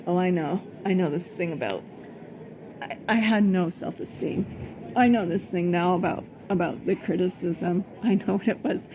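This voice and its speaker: A middle-aged woman tells a personal story on her vlog with emphatic heat, stumbling over restarts and fillers. Her voice has a gravelly edge. A faint noise sits under the recording. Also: on the low side, moderate pace. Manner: heated, emphatic, many fillers and repeated words. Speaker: vlogger.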